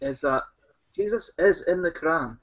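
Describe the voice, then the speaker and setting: A man's voice: on the high side, normal speed, a bit bright. A man co-hosting a comedy podcast, making sardonic, lecturing remarks about a video. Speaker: podcast co-host. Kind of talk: mocking commentary. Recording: dull lo-fi sound.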